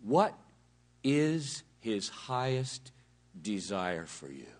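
A man preaching a sermon to students from a pulpit, swinging between loud, pleading emphasis and hushed, near-whispered lines. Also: lowish voice, sing-song, drawn-out words. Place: pulpit in a large hall.

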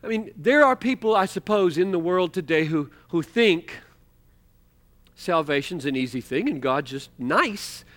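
A man preaching an expository sermon, emphatic, slowing to stress key words and moving between loud exclamations and quiet asides. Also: high voice, expressive.

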